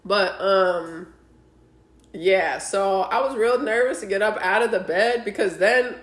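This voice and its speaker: A woman's voice: medium pitch, measured pace. A woman co-hosting a podcast, chatting casually and telling profane, laughing stories. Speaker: podcast co-host. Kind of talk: casual chat. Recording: echoey room.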